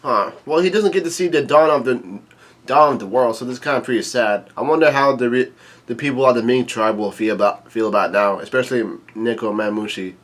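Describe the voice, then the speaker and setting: A man giving a casual, laid-back read-through of a comic chapter, halting with many ums, uhs and restarts. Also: mid-range voice. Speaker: YouTube manga reviewer.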